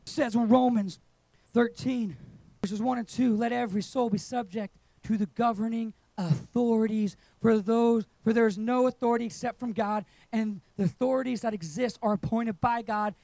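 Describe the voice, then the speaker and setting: A young male pastor delivers a lively sermon in a fairly high voice. He swings from quiet asides to sudden shouted bursts. The sound is close and dry, with no room echo. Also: normal speed, vocal fry. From England. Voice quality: animated preaching, voice surging to shouts on emphasis. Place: church auditorium.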